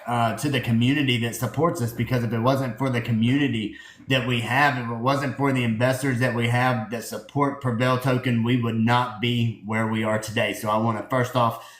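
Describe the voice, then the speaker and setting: A man's voice: medium pitch, reverberant. A man with a Southern US accent hosting a crypto project's live audio space, talking earnestly into his phone with lots of fillers and restarts. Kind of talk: casual live-stream talk. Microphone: phone in a holder.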